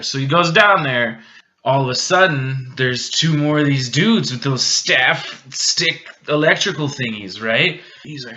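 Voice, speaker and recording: Drunk man, rambling, joking, bright forceful voice, dull lo-fi recording. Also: mid-range voice, unhurried. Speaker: vlogger. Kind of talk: drunken film recap.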